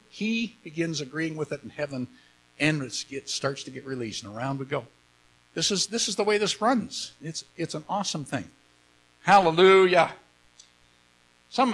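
A man's voice: a little high, pushed and bright, slight background noise, poor audio. A man preaching a sermon, enthusiastic and emphatic, often repeating words as he explains scripture. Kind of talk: sermon with Bible reading.

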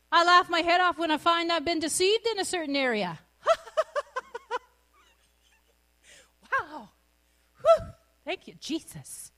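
A woman's voice: very high-pitched, pushed and bright. A middle-aged woman preaching a sermon, exuberant and laughing often as she speaks.

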